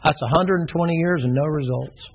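A man's voice: on the high side, brisk, gravelly, slightly rough. A man preaching a sermon, telling the story with drama and acting out the characters' voices. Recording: dull lo-fi sermon recording.

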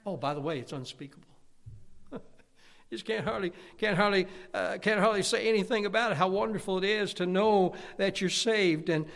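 Preacher guy, high voice, gets real loud then goes soft and close. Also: normal speed, creaky. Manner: swings between loud fervent preaching and quiet intimate asides. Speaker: pastor. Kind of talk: sermon.

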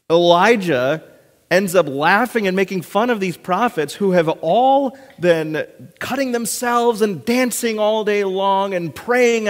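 Preacher man in a reverberant hall. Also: a little high. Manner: storytelling, animated when retelling scenes. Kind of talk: sermon with scripture reading.

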